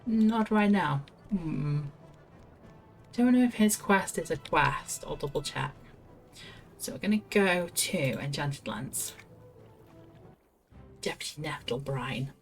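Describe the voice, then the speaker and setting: Woman game streamer, lowish voice, chatty, reads quest lines aloud, faint music behind. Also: animated, slow pace, pauses often. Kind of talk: casual gameplay commentary.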